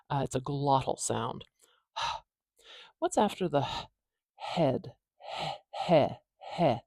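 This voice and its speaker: A Canadian-accented teacher walks through pronunciation at an unhurried pace. The speaker says sounds over and over, stretching them out for the listener. The recording is close and dry, with no room sound. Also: medium pitch, a little mellow, no room sound. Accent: Canadian English. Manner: patient, demonstrates sounds by repeating them slowly. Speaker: phonetics teacher. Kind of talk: casual tutorial explanation.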